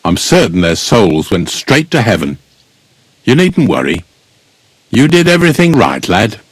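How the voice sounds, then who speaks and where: An actor playing a blunt, grumbling village gravedigger in a video game, speaking. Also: male voice, mid-range voice, big pitch swings, measured pace, husky, no echo. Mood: gruff.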